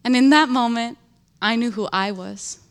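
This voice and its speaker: Young woman, church testimony, emotional and animated, emphatic repeats, somewhat high voice. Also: normal speed. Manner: emotional, animated storytelling with laughter and emphatic repetition. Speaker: speaker sharing a testimony.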